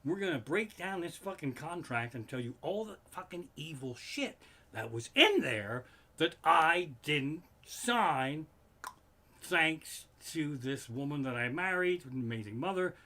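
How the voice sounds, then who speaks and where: A man, a comedian hosting a livestream from his living room, telling a rambling, profane monologue with sudden loud outbursts. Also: a little high. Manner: swears constantly, rants with sudden loud outbursts. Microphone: home streaming setup.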